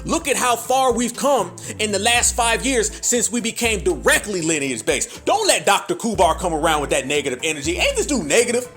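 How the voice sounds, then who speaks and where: A man's voice: high-pitched, big pitch swings, a bit bright, faint music behind. A man hosting a podcast, delivering an emphatic commentary monologue with a preacher-like cadence and frequent profanity. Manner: mimics other voices in quick asides. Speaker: podcast host.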